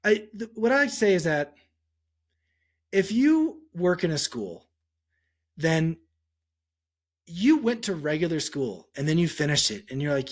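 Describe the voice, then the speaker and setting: A male psychologist talks through a podcast answer with animated storytelling. His voice sits a little high for a man and leaps up whenever he acts out a quote. He restarts sentences often and fills pauses as he goes. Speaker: psychologist guest.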